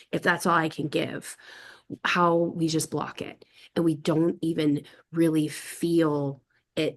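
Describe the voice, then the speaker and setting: A middle-aged woman with a slightly low voice, speaking in a relaxed group conversation. She thinks aloud in long winding sentences, often pausing to ask "right?" as she goes. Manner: reflective, speaks in long thoughtful runs, often checks in with "right?". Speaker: podcast guest. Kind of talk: casual discussion.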